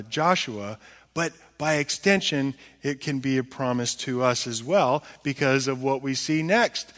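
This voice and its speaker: A man preaching a sermon as pastor, swinging from quiet low murmurs to loud, emphatic high peaks. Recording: long hall reverb.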